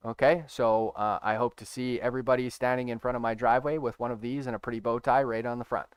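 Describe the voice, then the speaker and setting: A man's voice: medium pitch, fairly even intonation, fast, clean tone, no echo, clean studio sound. A man giving a casual screen-share trading tutorial, emphatic and profane, who keeps checking in with his viewers. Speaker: stock trading educator.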